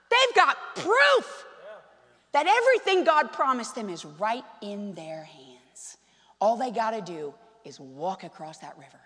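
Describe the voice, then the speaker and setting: A woman preacher giving an animated, conversational sermon and putting questions to her congregation. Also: fairly high pitch, measured pace. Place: church hall. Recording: long hall reverb.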